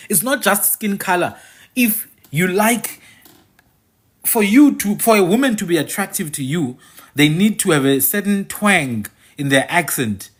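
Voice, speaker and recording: With a South African accent and a slightly rough voice on the high side, this male commentator speaks to his channel's viewers. His monologue is opinionated, and he repeats phrases to drive points home.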